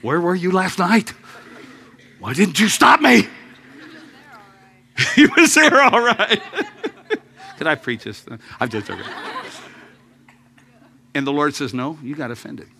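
A man preaching a sermon as a story, acting out voices with laughs and sudden shouts. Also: high voice, huge pitch swings, slow, creaky, pauses often, a little hiss or hum.

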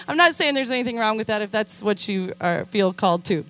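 A young adult woman, a youth minister, preaching a sermon in an animated, emphatic way and calling for responses from her listeners. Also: mid-range voice, a little fast, few pauses.

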